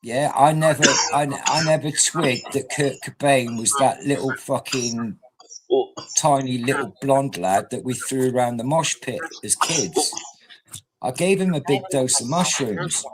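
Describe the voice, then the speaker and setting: A man's voice: medium pitch, measured pace, crowd noise, rough recording. A man, telling rambling, swear-laden stories in casual chat.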